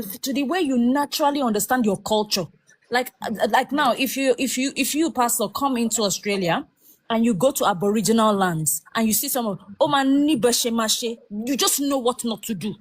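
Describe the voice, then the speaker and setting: A woman's voice: on the high side, dry recording. A woman, a guest in a casual discussion, making her points emphatically and checking that the listener follows.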